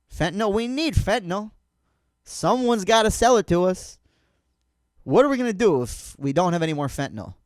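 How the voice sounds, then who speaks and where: A man with a fairly high voice riffs in a rambling, sardonic comedic monologue, his pitch leaping up and down as he goes. He restarts often and drops to a softer, halting tone when he gets personal. The sound is dry and close, with no room around it. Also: no echo. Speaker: podcast host.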